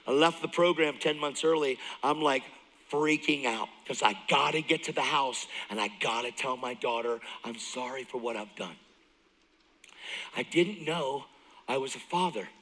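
A middle-aged man preaching a testimony sermon, moving from hushed intensity to excited near-shouting. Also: mid-range voice, moderate pace, poor audio. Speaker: guest preacher.

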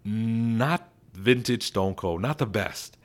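A man's voice: fairly low pitch, animated, slow. A man in his thirties, stuffed up from allergies, giving a casual, rambling recap with lots of restarts and chuckles. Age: 30s. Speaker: wrestling vlogger.

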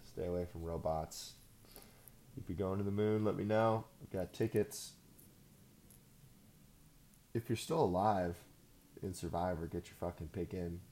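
A man's voice: deep voice, darkish tone, a little hiss or hum. A man hosting a podcast, ranting casually in a profane, sarcastic, rambling way. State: out of breath. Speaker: podcast host.

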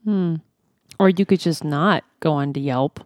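A woman's voice: low voice, a little slow, a little mellow, no echo, studio quality. A woman co-hosting a casual podcast, playful and teasing, often bursting into laughter. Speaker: podcast co-host. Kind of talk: casual chat.

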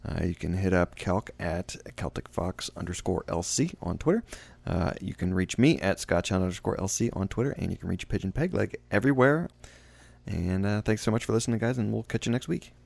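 A man's voice: deep voice, expressive, fairly quick, vocal fry, a little mellow, dry recording. A man hosting a casual podcast, laughing often as he runs the segments with friends. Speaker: podcast host. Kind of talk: casual chat among friends.

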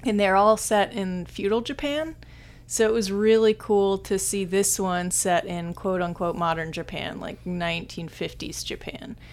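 A woman co-hosts a movie podcast in casual chat. Her voice sits in a middle range, and she chats easily with quick asides. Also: mid-range voice, fairly even intonation. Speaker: podcast co-host.

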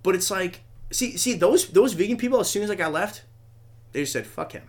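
A man's voice: sits high, fairly quick. Guy hosting a podcast, rambly and sweary, goes off on tangents. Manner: animated, profane, rambling. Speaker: podcast host. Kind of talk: casual chat.

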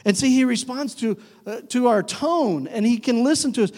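Male pastor, high voice, conversational sermon, long church reverb. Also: normal speed, hardly any pauses. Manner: conversational, animated when imitating talk to his dog.

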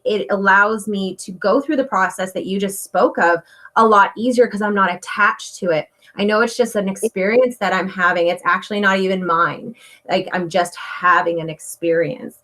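A woman's voice: mid-range voice, fairly bright tone. Earnest woman in a reflective chat. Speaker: podcast co-host. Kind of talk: casual spiritual chat.

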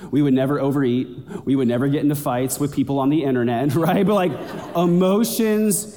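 A man's voice: brisk, mellow. Man preaching in a reverberant hall. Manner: conversational preaching, builds in pitch toward the end. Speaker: pastor. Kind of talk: sermon.

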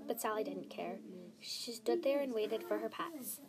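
A woman's voice: fairly high pitch, moderate pace, a crowd in the background. A woman reading her own fantasy story aloud, dropping to a whisper at tense moments. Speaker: story reader.

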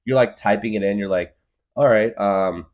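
A man's voice: on the low side, normal speed, phone-quality sound. A man in his thirties hosting a podcast, rambling through a comedic monologue with lots of fillers. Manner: rambling, full of fillers, laughs at his own jokes. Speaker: podcast host.

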